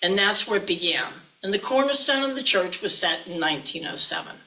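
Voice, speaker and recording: A woman's voice: medium pitch, lively intonation, fairly quick, pushed and bright, low-quality recording. A woman minister giving a chatty, folksy sermon, often teasing her listeners.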